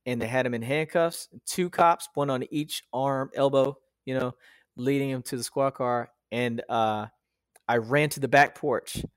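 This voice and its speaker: A man in his thirties tells a raw personal story in a casual podcast chat, swearing freely and restarting his sentences as the memory comes back. His voice sits at a medium pitch and sounds dry and close, with little room around it. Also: steady tone, a little slow, smooth, dry recording. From United States. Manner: emotional, profane, many fillers and restarts. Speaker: podcast guest.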